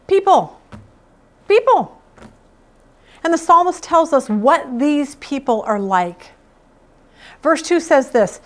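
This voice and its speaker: A middle-aged woman teaching a Bible study in a casual, emphatic, storytelling way. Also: high voice.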